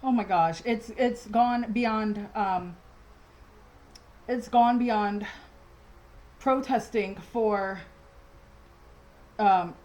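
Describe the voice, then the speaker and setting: A woman's voice: mid-range voice, extremely slow, pauses often, a little mellow, low-quality recording. A woman ranting in a casual home vlog from her dining room, agitated and rambling, with many restarts and fillers. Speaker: vlogger.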